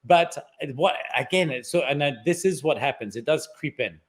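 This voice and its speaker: A man's voice: fairly high pitch, expressive, normal speed. A man being interviewed as an author on a radio show, talking in an opinionated, argumentative way. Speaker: author, guest. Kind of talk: casual interview chat.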